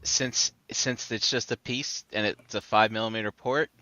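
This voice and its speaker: A man's voice: fairly low pitch, steady tone, normal speed, sharp tone, no echo, muffled recording. A man co-hosting a casual collector chat, with irreverent jokes. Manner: joking, irreverent. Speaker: co-host.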